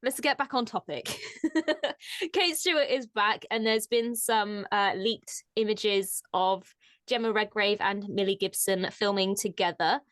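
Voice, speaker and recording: A woman's voice: medium pitch, unhurried, a bit bright, no room sound, studio quality. A woman co-hosting a casual fan discussion, often laughing mid-sentence as she talks through news. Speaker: co-host. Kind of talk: casual chat.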